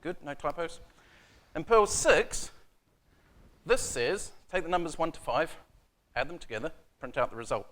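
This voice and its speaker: A man's voice: a little high, very animated, moderate pace, pauses often, a bit bright. New man giving a casual tech talk. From New Zealand. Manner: casual, self-deprecating, many ums and uhs. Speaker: conference speaker. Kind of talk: technical conference talk. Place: conference room.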